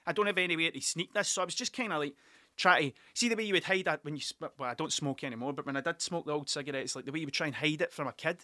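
Sweary, rambling man with bright voice. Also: a little high, very fast, dry recording, clean studio sound. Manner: sweary, rambling, self-mocking. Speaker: podcast host. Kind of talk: casual storytelling monologue. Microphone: desk mic.

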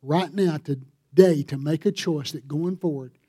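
A pastor preaching a sermon, telling a story and building to emphatic appeals. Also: male voice, fairly high pitch, a little slow, dark tone, breathy edge, dry recording, clean studio sound.

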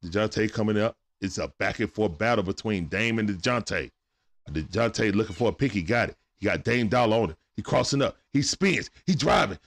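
Excitable gravelly male stream commentator. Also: lowish voice, normal speed. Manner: excitable play-by-play, swings from hushed to shouting. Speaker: stream host. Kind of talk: casual live-stream game commentary. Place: at home at night.

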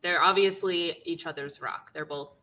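A woman's voice: on the low side, normal speed, bright, forceful tone. A young woman co-hosting a podcast, talking candidly and casually about a book, with mild swearing. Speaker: podcast co-host.

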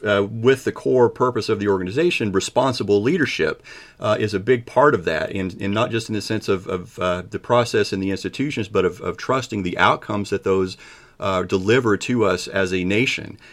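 A low-voiced man hosts a podcast interview. He asks his questions in a measured, thoughtful way. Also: a bit bright. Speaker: podcast host.

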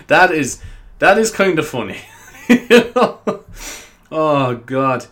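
A man's voice: a little high, big pitch swings, takes it slowly, a bit bright. A young Irish man hosting a solo podcast, chatting casually in a rambling, easily sidetracked way and giggling a lot. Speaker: podcast host.

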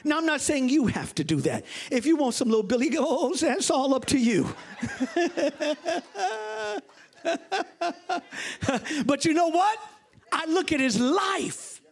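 A middle-aged man preaching as a bishop, telling stories with animated delivery and high exclamations. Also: moderate pace. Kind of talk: sermon.

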